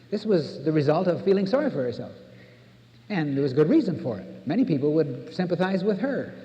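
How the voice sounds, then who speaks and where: A man's voice: on the high side, very animated, a little fast, mellow. An older American man giving an earnest sermon as a minister, repeating words for emphasis. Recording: dull old cassette recording in a reverberant hall.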